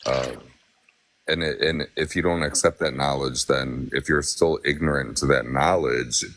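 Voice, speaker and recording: Very deep-voiced man, casual chat. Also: steady tone, unhurried, fairly bright tone, a little hiss or hum. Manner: rambling, thoughtful, many fillers.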